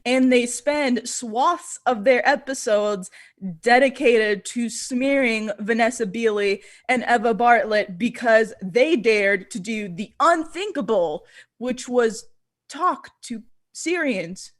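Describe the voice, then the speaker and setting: A woman's voice: on the high side, slow. A woman co-hosting a casual political chat, dismissive and full of 'like' and 'you know'. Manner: dismissive, filler-heavy, says 'like'. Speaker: co-host.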